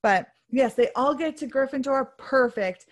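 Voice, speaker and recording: Animated chatty woman co-host. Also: high-pitched. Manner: chatty and animated, quick to laugh. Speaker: podcast co-host. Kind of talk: casual chat.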